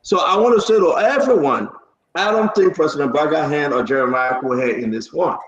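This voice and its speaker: A man's voice: on the high side, lively intonation, brisk. Male host, insistent, roomy echo, dull audio. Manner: emphatic, insistent. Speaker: talk show host. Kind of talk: political talk-show discussion. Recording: echoey, dull lo-fi stream audio.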